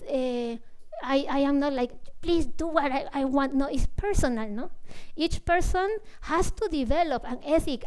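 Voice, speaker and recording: A high-pitched woman, slowly and unhurriedly. She gropes for words, restarts often and tags her thoughts with a questioning "no?". It sounds like a casual answer during a public talk. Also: a little mellow, low-quality recording. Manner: searching, full of fillers and restarts, tags "no?". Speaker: composer speaking at a public talk.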